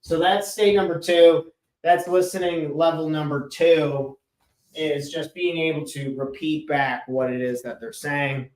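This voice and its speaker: A man's voice: on the high side, fairly even intonation, measured pace, a little mellow. A male life coach talking casually and emphatically about listening, often letting his tone drop at the end of a point. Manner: casual, emphatic, drops tone at sentence ends. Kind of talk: solo podcast talk. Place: room with chalkboard. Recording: echoey room.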